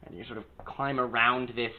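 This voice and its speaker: A man's voice: mid-range voice, steady tone, brisk. A man runs a tabletop game as its game master, describing tombs and danger between fillers and restarts. His voice comes through a narrow, phone-like channel. A faint hiss sits under it.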